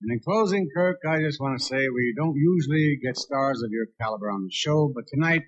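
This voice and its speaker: A man's voice: medium pitch, a little fast, highs cut off. A man hosting a comedy roast, introducing guests and closing with easy teasing patter. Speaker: roast host. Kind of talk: emcee patter. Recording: noisy vintage television broadcast.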